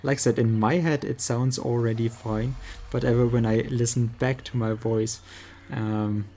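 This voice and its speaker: A man with a German accent, a native German speaker, chatting casually with his audience while gaming and pausing often to search for words. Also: mid-range voice, steady tone, mellow, slight background noise. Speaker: streamer.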